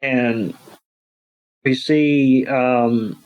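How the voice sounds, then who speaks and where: A man's voice: medium pitch, steady tone, very slow, smooth, dull audio. A man co-hosting a podcast, recapping an episode in casual chat, laid-back with dry jokes and hesitant fillers. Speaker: podcast co-host.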